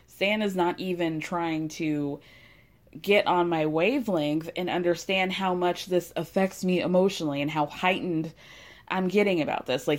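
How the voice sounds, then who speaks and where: A woman recapping a story in casual chat, animated and gossipy, laughing often. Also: lowish voice.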